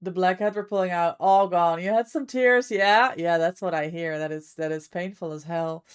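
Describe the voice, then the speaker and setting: A woman's voice: fairly low pitch, moderate pace, clear, resonant tone. A woman livestreamer chatting casually with her viewers while she plays, thanking them by name as she goes.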